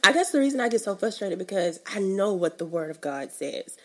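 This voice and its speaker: A woman's voice: mid-range voice, lively intonation, a little fast. A young woman giving a casual, emphatic devotional teaching in a conversational, colloquial way. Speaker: faith teacher.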